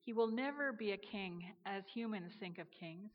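Brief: a woman doing a calm, loving female God, soft and hushed, with a long echo and dull sound. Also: normal speed, close to an everyday voice. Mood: gentle. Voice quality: soft and low-toned, quietly reassuring.

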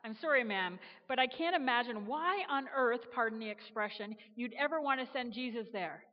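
A woman voicing an excitable, skeptical male angel who blurts out his objections in a higher, louder voice. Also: close to an everyday voice. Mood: incredulous. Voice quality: higher and louder, drawn-out exclamations. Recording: dull reverberant sound.

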